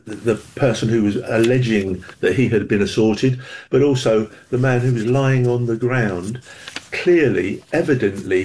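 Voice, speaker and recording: A man, a former senior police commander, speaking as a guest in a radio interview in a measured way, with hesitant restarts. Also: lowish voice, a little mellow, rough recording.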